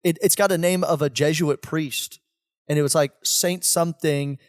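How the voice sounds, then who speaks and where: A man, a priest, chatting casually on a podcast, animated and laughing often, with rambling restarts. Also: fairly high pitch, moderate pace, no room sound, clean studio sound.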